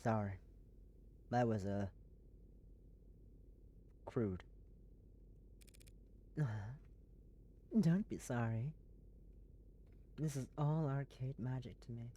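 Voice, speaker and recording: A game streamer chatting casually on a live stream, rambling and excitable, swearing freely, in an airy put-on voice. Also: medium pitch, extremely slow, long pauses.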